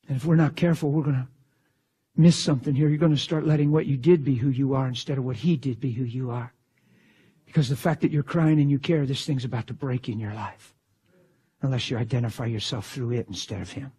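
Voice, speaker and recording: Husky, fervent male preacher. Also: mid-range voice, a little fast. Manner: fervent, swinging from exclamations to hushed whispers. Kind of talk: sermon.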